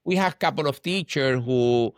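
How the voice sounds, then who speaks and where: A man from Venezuela speaks with a Venezuelan Spanish accent, English being his second language. His voice sits in a middle range, close and dry. He talks earnestly, pausing and restarting as he searches for words. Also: medium pitch, no echo. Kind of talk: casual interview chat.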